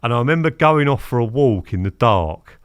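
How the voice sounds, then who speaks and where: A man in his fifties, telling stories as a podcast guest in a lively, chatty way, acting out what people said. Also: medium pitch, moderate pace, smooth, no room sound, studio quality. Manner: animated, acts out quotes, keeps asking "do you know what I mean?". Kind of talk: casual storytelling interview.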